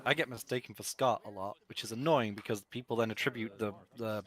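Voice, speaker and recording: A man's voice: lowish voice, fast talker, a bit bright. An Englishman chatting and joking dryly with friends while they play a co-op game. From England. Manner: dry, joking banter. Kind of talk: casual chat over a co-op game.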